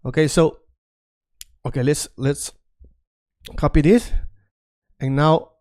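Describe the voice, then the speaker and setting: A man's voice: on the high side, fairly even intonation, slow, darkish tone. A man teaching a casual online lesson, chatty and prone to repeating himself while he works on screen. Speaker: Spanish teacher.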